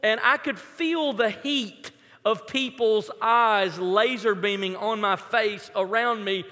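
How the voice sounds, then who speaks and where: A man's voice: high voice, takes it slowly, pushed and bright. A young man preaching a sermon in a conversational, storytelling way. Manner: conversational, storytelling with acted-out quotes. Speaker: pastor. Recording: long hall reverb.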